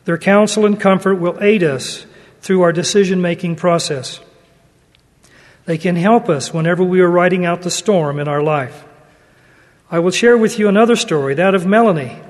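In a big, echoing hall where each phrase trails into long reverb, a man with a strikingly high voice for a male speaker gives a measured, earnest sermon. This religious speaker also reads a story aloud as part of it.

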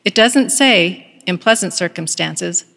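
A woman voicing a serene, hopeful woman prisoner who gently urges her sister to give thanks. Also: on the low side, lively intonation, a little slow, creaky, in a large hall, heavily acted. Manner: eager, encouraging, gently insistent.

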